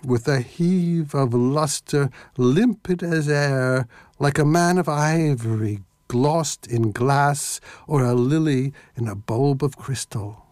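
A man narrating a myth in a slow, deliberate reading that lingers on the words. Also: medium pitch, a little mellow, no room sound, studio quality.

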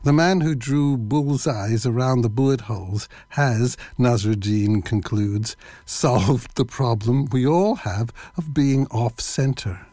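A male lecturer explains in a measured, steady manner, with a mellow, darker tone. The recording is dry and close, with no room sound. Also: mid-range voice, no room sound. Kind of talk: lecture introducing a clip.

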